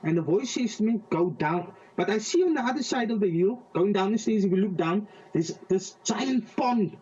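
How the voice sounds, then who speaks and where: A man giving a personal faith testimony in an interview. He recounts a vivid dream slowly and haltingly, often repeating words and restarting his sentences. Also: high voice, animated, dark tone. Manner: slow and vivid when describing a dream. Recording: slightly distant, dull lo-fi audio.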